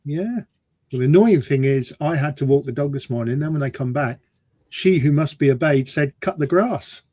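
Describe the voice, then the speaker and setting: A man's voice: medium pitch, normal speed, mellow, no echo. A man hosting a casual live model-building stream, joking and reading out chat comments. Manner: chatty, jokey, reads chat comments aloud.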